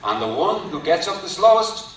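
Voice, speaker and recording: A scheming Irishman, played by a male lecturer, lays out his plan in a calm, sly tone. He is heard from a distance in a hall with heavy reverb. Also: high-pitched, moderate pace, voice pushed up. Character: scheming grown Irishman in a joke. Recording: echoey hall from far off.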